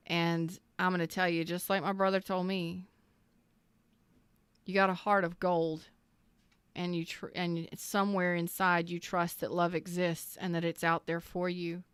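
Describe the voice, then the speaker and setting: A woman's voice: on the low side, level tone, a little slow, long pauses, clean tone, no echo. A woman giving a heartfelt tarot reading, earnest and emotional, repeating phrases and sounding close to tears. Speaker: tarot reader.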